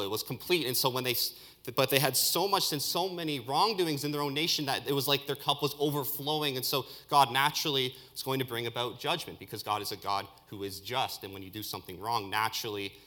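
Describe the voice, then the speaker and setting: A man preaching a sermon in an animated way, building to loud peaks and restarting phrases often. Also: mid-range voice. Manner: speaks with frequent restarts and filler words.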